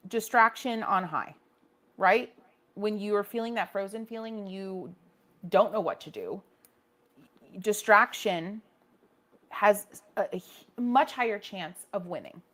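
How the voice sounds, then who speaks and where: A woman's voice: medium pitch, unhurried, pauses often, fairly bright tone. A woman hosting a casual painting livestream, chatting with viewers and reacting to their comments, often restarting her sentences.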